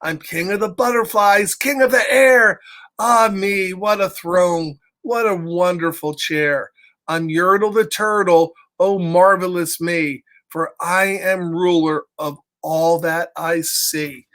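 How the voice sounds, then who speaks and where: A pompous turtle king barks orders in a raised, higher voice, as a man reading a storybook puts him on. He sounds loud and boastful, and he drags his words out slowly.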